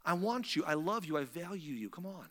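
A preacher voicing God pleading, urgent and coaxing. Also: male voice, fairly high pitch, sing-song, brisk, fairly bright tone. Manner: urgent, coaxing, repetitive reassurance. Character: pleading divine father figure, earnest and firm. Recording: long hall reverb.

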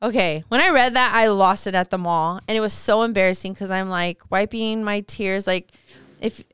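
Smooth-voiced woman telling a heartfelt story. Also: medium pitch, moderate pace, a bit bright, no echo, clean studio sound. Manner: emotional, rambling storytelling with many fillers. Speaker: guest. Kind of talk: casual faith podcast chat.

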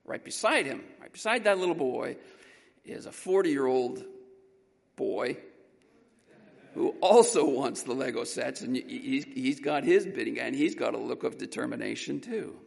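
A man preaching a sermon through an animated, emphatic story. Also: medium pitch, measured pace, vocal fry, husky. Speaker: pastor. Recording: long reverb in a large hall.

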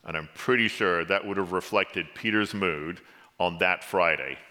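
English-born guy preaching, low bright voice, lots of hall echo, gets dramatic then real quiet. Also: normal speed. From England. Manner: dramatic storytelling, rising to pleading then dropping low and somber. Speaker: pastor. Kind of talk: sermon. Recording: long hall reverb.

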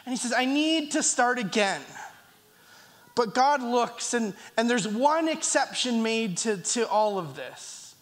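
This man's voice is very high-pitched and slightly bright, with lively intonation, as he preaches in church as a pastor. Scripture is read aloud earnestly, with pauses, restarts and a slight cough, under the long reverb of the hall.

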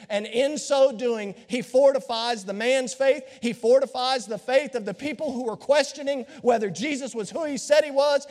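A man preaching a sermon as pastor, dramatic, acting out the voices of Bible figures and swinging from hushed tones to shouts. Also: very high-pitched. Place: church sanctuary. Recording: long hall reverb.

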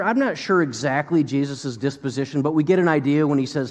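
A man's voice: on the high side, expressive, brisk, in a large hall. An American man preaching a sermon to a congregation, talking conversationally with fillers and acting out quotes. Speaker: pastor.

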